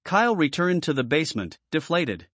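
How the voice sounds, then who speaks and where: Animated, fairly high-voiced man doing a straight read of the story, dry sound. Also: fairly quick, husky, no echo. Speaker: reader of the manuscript. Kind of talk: reading a story aloud.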